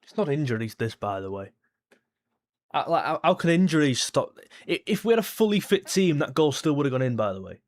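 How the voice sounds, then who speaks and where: A young man, reacting live to a football match, blunt and frustrated, jumping to excited shouts at chances. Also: on the high side, a little fast. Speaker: football fan streamer. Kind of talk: live match watchalong commentary.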